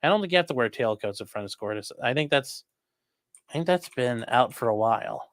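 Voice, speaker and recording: A man hosting a livestream, reading out viewer questions and answering them in a rambling, offhand way that often trails off quietly. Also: medium pitch, animated, fairly quick, no echo, studio quality. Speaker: livestream host reading chat. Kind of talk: casual live chat.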